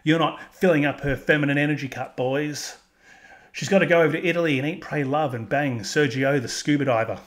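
A man's voice: on the high side, brisk. A man with an Australian accent hosts a reaction video and delivers a crude, sarcastic, heated rant. He swears constantly and talks straight to his viewers. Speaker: commentary channel host.

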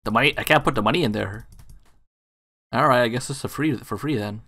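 Young dude reacting to a horror game, slangy, gravelly voice, bright edge. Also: male voice, mid-range voice, brisk. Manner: casual slangy, reactive, jumpy. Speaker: gaming streamer. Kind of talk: horror game playthrough commentary.

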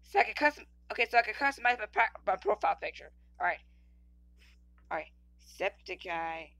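This woman talks through a mobile game in casual commentary, and her bright, edged tone cuts through. She stumbles, restarts and repeats words as she reads on-screen text aloud. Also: mid-range voice, animated, fairly quick.

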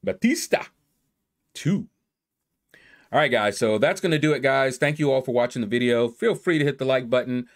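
A man with a mid-range voice talks through a game leaderboard in a loose, easygoing way. He shouts out players one by one and stretches some of their names in a playful drawl. It sounds like a casual gaming video. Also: mid-range voice, a little fast. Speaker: gaming YouTuber. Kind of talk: casual commentary reading a leaderboard.

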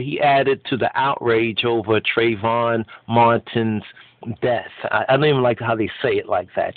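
A man's voice: mid-range voice, no echo. A man giving impassioned, preachy commentary on an article, emphatic and repeating his phrases. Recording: tinny phone-like dry sound.

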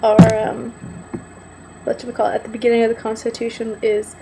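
Mellow-voiced woman reading in mock-solemn tones. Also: a little high, monotone, brisk, vocal fry, slight background noise, poor audio. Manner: mock-solemn reading with casual asides and swearing. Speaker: vlogger. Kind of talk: casual vlog, reading aloud.

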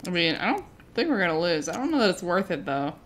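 A woman's voice: fairly low pitch, sing-song, fast talker. Wry playful woman playing a game. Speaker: co-player. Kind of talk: casual game commentary.

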